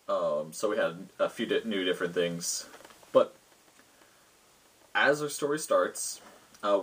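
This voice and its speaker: A man's voice: on the low side, fairly bright tone, slightly rough. A man, a game master, recounting a tabletop session in loose, rambling storytelling.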